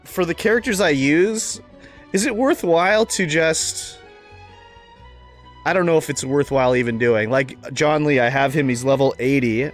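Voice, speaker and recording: A man's voice: a little high, normal speed, faint music behind. A Canadian man with a Canadian accent chatting casually while streaming a game, joking and dropping profane asides.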